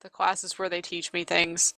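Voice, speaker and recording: A woman's voice: medium pitch, a little fast, sharp tone, no echo, natural voice. A woman voicing a sulky, rebellious teenage girl in a tabletop game, with snippy, sarcastic replies.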